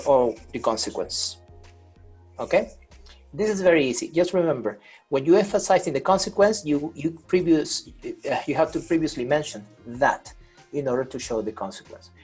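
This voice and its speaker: A man's voice: on the high side, darkish tone, breathy edge, low-quality recording. A man teaching an online English grammar class over a video call, patient, repeating and rephrasing with many fillers.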